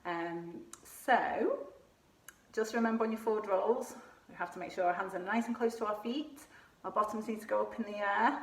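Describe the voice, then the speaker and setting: A woman coaching children through gymnastics moves at home, showing each one as she explains, a little out of breath at times. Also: medium pitch. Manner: encouraging, demonstrates moves while talking. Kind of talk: home exercise lesson for children. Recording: echoey room, voice from a distance.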